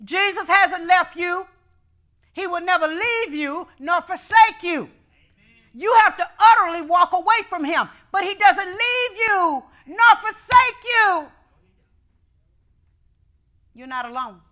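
Woman preacher, high-pitched, rhythmic and fervent, repeats lines, goes from hushed to shouting. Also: expressive, takes it slowly, pauses often. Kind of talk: call-and-response sermon.

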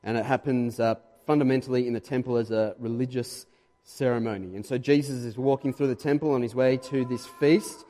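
A man with an Australian accent preaching a sermon in a conversational, emphatic way, pushing louder on key points. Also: mid-range voice, steady tone, brisk, big-room sound. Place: church hall.

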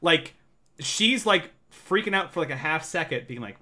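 A man co-hosts a casual podcast, his voice bright and a little higher than most. He is sarcastic, laughs often, and acts out lines from the movie he is discussing. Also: normal speed. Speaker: podcast co-host. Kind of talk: casual movie-review chat.

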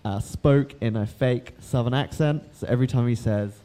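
A man's voice: medium pitch, moderate pace, warm tone. A man hosting a podcast in casual chat, rambling with lots of ums, laughing and swearing as he goes. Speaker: podcast host.

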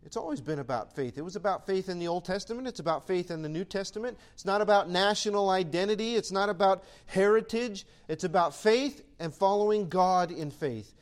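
A male pastor preaching a sermon to his church, animated and conversational, sometimes acting out imagined voices. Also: high voice, fairly quick, few pauses.

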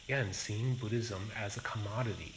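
A man teaching as a Zen teacher, his voice sitting somewhat low and his delivery very slow and reflective, leaving room between phrases. Faint crickets and insects hum quietly behind him. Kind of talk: dharma talk.

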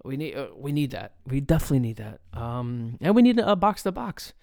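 A man's voice: mid-range voice, a little fast, gravelly, no room sound, clean studio sound. A man hosting a casual solo soccer talk, ranting as a fan with lots of swearing and filler words. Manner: swears a lot, animated fan rant; many fillers and restarts. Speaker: soccer podcast host.

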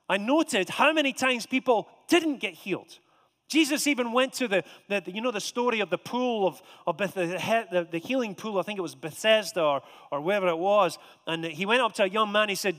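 A man preaching a sermon, telling stories in a conversational way and slowing down to stress key points. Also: high voice, fairly bright tone. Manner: conversational storytelling, emphatic slow stresses. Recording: long hall reverb.

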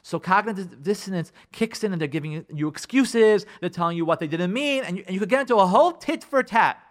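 A man on talk radio preaches marriage advice straight to his listeners, hammering points with repeated phrases. His voice sits a little high and swoops up and down with animated energy. He slips into little acted-out lines of what a spouse might say. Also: fast talker.

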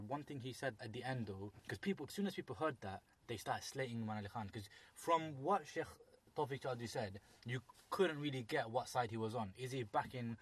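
A fast-talking man with a husky voice. He thinks aloud in a casual religious discussion, restarting his sentences as he explains at length. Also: mid-range voice.

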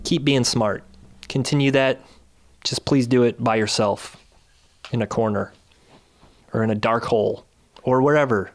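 A man vents from his couch at home in a fiery, indignant rant. He hammers away with rhetorical questions in a voice of ordinary middle pitch. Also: measured pace, long pauses. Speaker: video series host. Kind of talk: angry ranting commentary.

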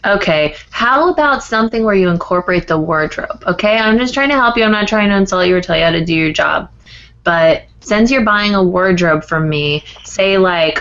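A woman hosting an improv comedy show, loud and profane and laughing often. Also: medium pitch, animated, moderate pace, muffled recording. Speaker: podcast host running improv games. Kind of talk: casual comedy chat and improv.

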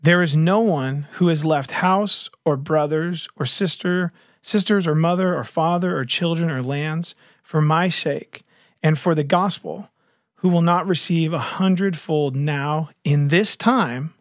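A man's voice: a little high, unhurried, no room sound, studio quality. A man talking earnestly in a casual faith discussion, retelling a story with lots of fillers and restarts.

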